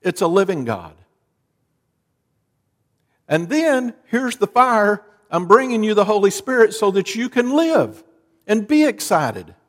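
Pastor, male, fairly high voice, animated delivery with dramatic rises and drops, long hall reverb. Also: a little slow, long pauses. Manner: dramatic preacher, lively rises and drops in pitch and volume. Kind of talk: sermon.

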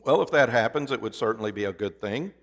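A man preaching a sermon as pastor, moving between loud emphasis and hushed, dramatic pauses. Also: medium pitch, animated. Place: church sanctuary. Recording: long reverb of a church hall.

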